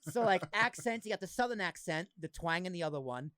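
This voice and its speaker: Man, slight Boston accent, young adult, podcast host, joking, fairly high voice, dry sound. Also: lively intonation, bright, forceful tone, clean tone, dry recording. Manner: joking, talks over his guest with quick asides. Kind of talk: casual podcast chat.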